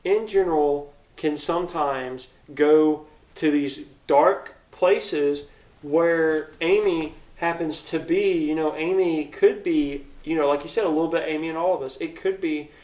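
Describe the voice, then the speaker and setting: Young guy rambling thru a movie plot, kinda high voice, off mic in a roomy echo. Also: a little slow, recorded from a distance. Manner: rambling, animated retelling with put-on quotes and laughs. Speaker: podcast co-host. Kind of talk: casual movie review chat. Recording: echoey room, speaking away from the mic.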